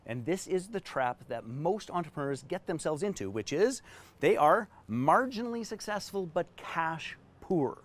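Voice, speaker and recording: Lively man coaching entrepreneurs. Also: a little high, measured pace. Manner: animated, emphatic, storytelling. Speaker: business coach. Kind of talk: live-stream teaching at a whiteboard.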